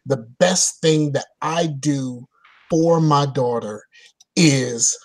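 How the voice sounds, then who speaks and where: A man's voice: a little high, slow pace, a little mellow. A man in casual podcast chat, telling stories emphatically and repeating for effect. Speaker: podcast guest.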